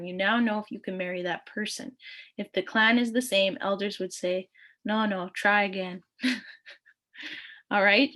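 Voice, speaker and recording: A woman from Thunder Bay, Canada, teaching a beginners' language lesson, patiently repeating each phrase slowly, with frequent "um" and "uh". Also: medium pitch, a bit bright.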